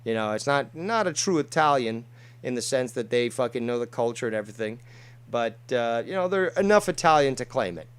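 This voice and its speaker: A man's voice: mid-range voice, lively intonation, a little fast, clear, resonant tone. A man hosting a talk show, boasting and swearing heavily as he rambles with many fillers. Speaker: show host. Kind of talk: casual streamed talk show chat.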